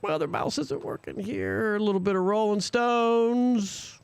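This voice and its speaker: A man co-hosting a live radio show in casual chat, animated, laughing and rambling between asides. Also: high-pitched, measured pace, creaky, clear, resonant tone. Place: small radio studio.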